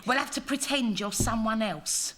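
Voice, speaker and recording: A woman's voice: a little high, moderate pace, a bit bright. An actress playing a brash, cheeky working-class woman who teases bluntly. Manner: blunt, teasing. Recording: noisy sitcom clip audio.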